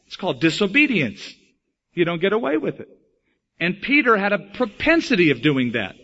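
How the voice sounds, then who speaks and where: Male pastor, lively storytelling sermon, higher voice, lo-fi sound. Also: breathy edge. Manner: animated storytelling, acting out quoted voices.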